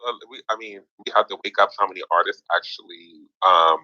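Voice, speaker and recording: A man with a low voice talks through muffled, lo-fi app audio. He sounds lively and bright as he moderates a casual group chat. He teases the others and laughs often. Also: fairly quick. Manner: chatty, laughing, teasing.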